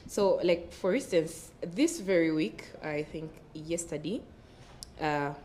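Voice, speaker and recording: A lower-voiced young woman with a Ugandan English accent talks through a story in a casual studio chat, laughing between phrases. Her voice sits low for a woman. A faint hum of room noise runs behind her. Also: expressive, slow, a little mellow. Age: 20s. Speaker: panelist.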